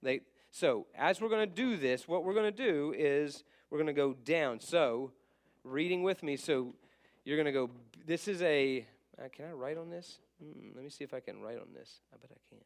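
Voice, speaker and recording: A man with a fairly high voice leads a casual lesson. He asks the class questions and then answers them himself. He stays patient and apologizes when he trips over his own material. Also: lively intonation, moderate pace. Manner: patient, stops to fix slips and apologizes. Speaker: teacher.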